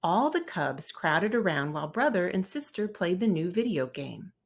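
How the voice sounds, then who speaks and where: A woman's voice: fairly low pitch, big pitch swings, normal speed, slightly rough. A woman reading a children's picture book aloud, narrating expressively and voicing the characters. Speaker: storybook read-aloud narrator.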